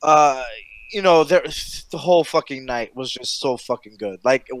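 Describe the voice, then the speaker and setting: A man co-hosting a casual podcast chat, talking in an excited, profane, storytelling way. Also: medium pitch, moderate pace, no room sound. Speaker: podcast co-host.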